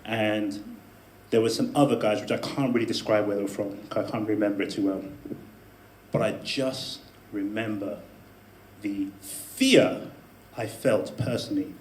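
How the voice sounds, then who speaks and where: A man telling a personal story to a live audience in a debate speech, animated, with laughing asides and emphatic peaks. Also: on the low side, a little slow, slight background noise. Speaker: debate speaker. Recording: echoey room with faint ambience.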